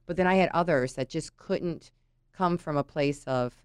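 A woman's voice: low voice, moderate pace, smooth, no room sound, studio quality. A middle-aged woman in casual conversation, talking through work stories and often checking in with "right?". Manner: chatty, tells anecdotes, frequent "you know" and "right?". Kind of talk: casual chat.

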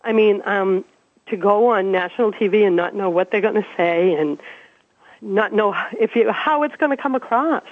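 Woman, 50s, from Massachusetts; lively guest storyteller, laughs often; phone-thin dry line. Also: medium pitch, normal speed, no room sound. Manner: chatty, animated, laughs while telling stories. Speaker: interview guest. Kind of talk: casual storytelling. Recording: dry, tinny phone-like radio sound.

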